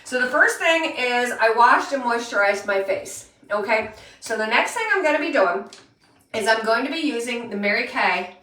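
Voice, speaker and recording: This Pennsylvania woman runs a chatty live makeup tutorial, calling out viewers by name in a high-leaning, expressive voice. She speaks at a moderate pace with a bright, forceful tone, though the echoey room and her distance from the mic give the sound a roomy quality.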